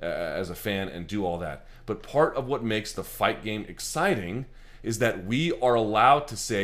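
A low-pitched man talks through fight results off the cuff, rambling and emphatic. He swears freely and leans on fillers as he makes his points, recorded on a handheld camera. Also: animated, moderate pace. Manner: loose, profane, rambling and emphatic, many fillers. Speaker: MMA show host. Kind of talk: casual post-fight commentary.

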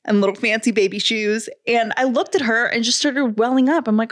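A woman's voice: on the high side, brisk. A woman in her thirties co-hosting a podcast, chatting casually and telling stories with quoted asides. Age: 30s. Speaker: podcast co-host. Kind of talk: casual chat.

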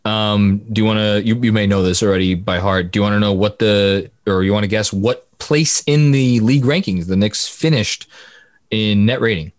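A man's voice: lowish voice, moderate pace, dry recording. Man rattling off sports stats, dry sound. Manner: stat-heavy, laughs at his own numbers. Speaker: podcast co-host. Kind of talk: casual sports podcast chat.

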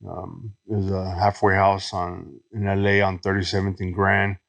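A middle-aged man from Los Angeles, guest on a podcast, telling his recovery story in halting speech full of restarts. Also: sits low, level tone, gravelly, a bit bright, no room sound. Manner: halting, many restarts and "you know"s.

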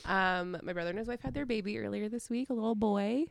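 A woman co-hosting a podcast in casual chat, bubbly and excitable, often trailing off. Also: medium pitch, fast, gravelly. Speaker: podcast co-host.

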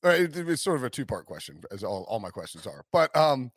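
A man co-hosting a casual sports talk show, jokey and animated, asking long rambling questions. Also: medium pitch, a little fast, no room sound, clean studio sound. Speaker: co-host.

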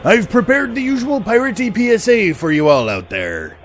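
A man's voice: high voice, very animated, normal speed, faint music behind. A man hosting a podcast in a comic pirate character, with a mock pirate accent, laughing at his own jokes.

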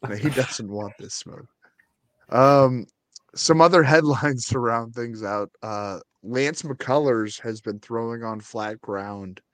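A man's voice: mid-range voice, slow pace, dry recording. A man co-hosting a podcast, chatting casually in a laid-back way with stumbling restarts. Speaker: podcast co-host. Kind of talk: casual sports chat.

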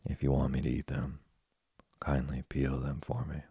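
A man voicing a hungry, whiny wooden puppet boy in a storybook reading, with a gravelly, husky voice. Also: very deep voice, monotone, normal speed, mellow, no room sound, heavily acted. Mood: fussy. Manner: whining, fussy. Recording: dry close studio sound.

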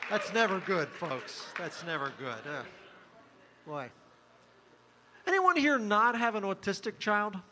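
A middle-aged man doing a stand-up comedy set, delivering crude one-liners in a deadpan, offhand way. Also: sits high, unhurried, long pauses, a little hiss or hum.

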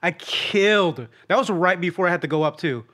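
A man co-hosting a casual podcast, telling his side of a story in a chatty way, often trailing into quiet asides. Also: sits high, expressive, brisk. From Southeast Asia. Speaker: comedian co-host.

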